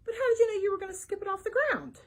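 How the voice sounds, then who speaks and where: A woman's voice: very high-pitched, rapid-fire, vocal fry, voice pushed up. A woman reading a storybook aloud, voicing a nervous twelve-year-old girl who always fears the worst. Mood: anxious. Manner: anxious, questioning.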